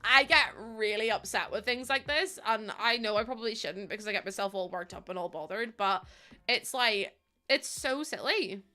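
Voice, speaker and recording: A woman's voice: medium pitch, moderate pace, pushed and bright. A young adult woman, chatting heatedly to her live chat while she builds in a game. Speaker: live streamer.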